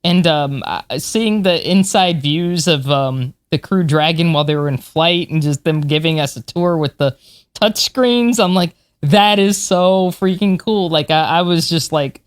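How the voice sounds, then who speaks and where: A woman's voice: sits low, normal speed, no room sound. A woman in her forties, a podcast co-host and space historian, talking in an enthusiastic, chatty way. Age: 40s. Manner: enthusiastic, chatty, laughs often. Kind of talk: casual chat.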